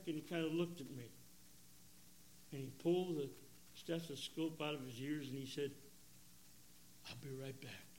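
A man, preaching an emotional testimony, swinging from loud bursts to hushed tones. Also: a little high. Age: 70s. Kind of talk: sermon testimony.

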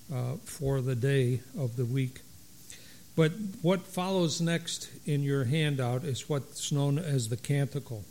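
A man leading a congregation through liturgy. He reads prayers in a measured way and adds plain explanations between them. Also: mid-range voice, warm tone, low-quality recording. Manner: slow, measured reading of prayers with plain asides.

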